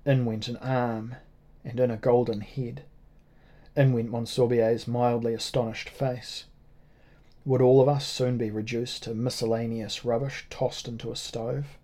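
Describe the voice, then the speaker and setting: A man reading a first-person novel aloud as narrator, in a measured, sombre, even manner. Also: mid-range voice. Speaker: audiobook narrator.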